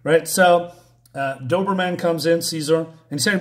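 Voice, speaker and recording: A man's voice: a little high, unhurried, fairly bright tone. A man casually recapping a comic book, rambling and chuckling, with plenty of "so, um, right?".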